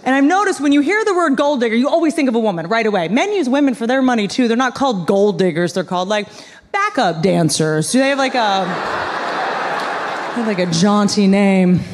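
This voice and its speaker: A woman's voice: a little high, very animated, a little fast, long reverb tail, slight background noise. A woman in her thirties performing a sarcastic stand-up comedy set on a large theater stage before a live audience. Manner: sarcastic, wry storytelling.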